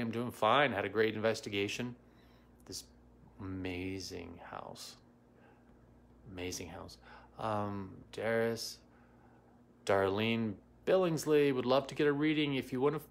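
A man's voice: medium pitch, creaky, a little hiss or hum. A middle-aged man hosting a casual livestream as a psychic medium, greeting viewers by name and answering comments with many fillers. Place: home in Washington, D.C.

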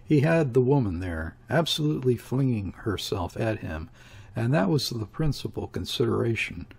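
Man narrating a classic novel, husky. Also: medium pitch, sing-song, moderate pace, a little mellow. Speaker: audiobook reader. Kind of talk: literary audiobook narration.

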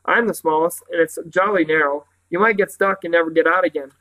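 A man reading aloud, voicing an eager, excited young boy, the youngest of three siblings. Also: a little high, a little fast, low-quality recording. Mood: persuasive. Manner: eager, indignant, persuasive.

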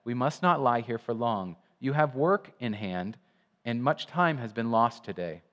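A man voicing a wise, gentle male lion who speaks calmly and gravely, during a sermon reading. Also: mid-range voice, measured pace, long reverb tail.

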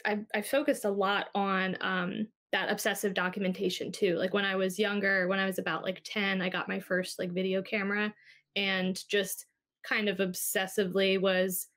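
A woman's voice: mid-range voice, fairly bright tone. A woman filmmaker in her thirties talking reflectively about her work, with some fillers. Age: 30s. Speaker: filmmaker guest. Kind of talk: casual panel chat.

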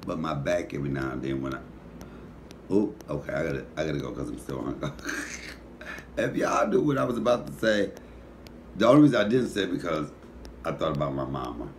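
A man's voice: a bass voice, sing-song, fairly quick, pauses often, slight background noise. A middle-aged man with a Detroit accent, a comedian hosting his cooking show, rambling sleepily with profane comic stories. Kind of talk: casual talk to camera.

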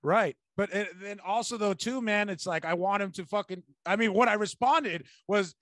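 A man hosting a comedy podcast, telling animated stories in casual chat and swearing freely. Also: sits high, moderate pace, dry recording, clean studio sound. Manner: animated storyteller, swears a lot.

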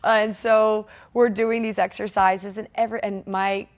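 This is a woman in her forties, a triathlete on a casual interview, with a medium-pitched voice and a moderate pace. Animated and laughing, she tells her story and acts out what people said.

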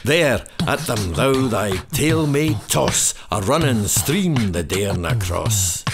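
A man giving a dramatic recitation of a narrative poem in a slow, theatrical storytelling manner. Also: fairly low pitch, gravelly, music in the background. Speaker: poetry reciter. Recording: steady background noise.

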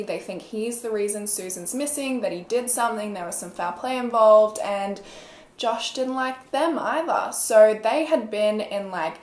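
A young woman telling a true crime story in a casual, chatty way, full of fillers. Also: mid-range voice. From Australia. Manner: chatty, filler-heavy, conversational. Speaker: true crime podcast host. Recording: echoey room.

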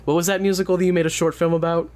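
A man's voice: on the high side, little pitch movement, racing, darkish tone, slight background noise. A young man co-hosting a casual podcast, joking, swearing casually, with stumbling restarts. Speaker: podcast co-host.

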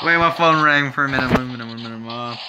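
A man giving casual, excitable commentary over his own gameplay, reacting loudly to what happens. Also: mid-range voice, quick pace, very noisy.

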